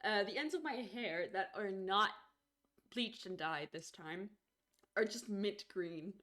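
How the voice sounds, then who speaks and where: A woman's voice: medium pitch, slow, fairly bright tone. A young adult woman streamer chatting casually while she plays a game, rambling with lots of fillers and small restarts. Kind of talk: casual chat while gaming.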